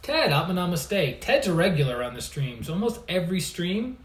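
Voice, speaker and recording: A man's voice: sits high, very animated, normal speed, a little hiss or hum. A man working as an energy healer and coach, telling stories in casual livestream chat and laughing often. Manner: chatty, laughs often, restarts phrases. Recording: roomy sound, mic at a distance.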